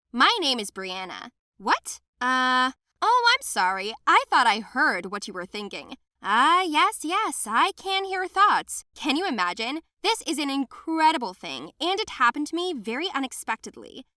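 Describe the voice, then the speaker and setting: High, lively young-sounding woman narrator. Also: dry recording, clean studio sound. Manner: chatty, addressing viewers directly. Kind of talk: first-person animated story narration.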